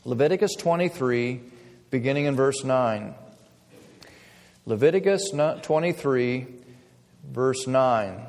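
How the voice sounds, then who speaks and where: A male pastor preaching a sermon in measured, emphatic phrases with deliberate pauses, speaking to a congregation in a church sanctuary through a pulpit mic. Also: medium pitch, expressive, darkish tone. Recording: long hall reverb.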